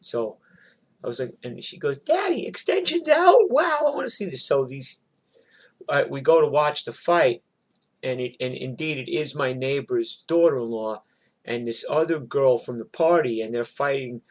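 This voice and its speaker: A man tells a story in a loose, chatty monologue. He is animated and digressive, with a mid-pitched voice. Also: moderate pace.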